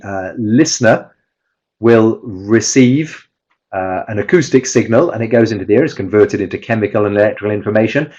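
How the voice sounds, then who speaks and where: A man with a lowish, darkish voice lectures over a video call about how to teach pronunciation. His delivery is halting, packed with fillers and false starts. The webinar recording is somewhat dull.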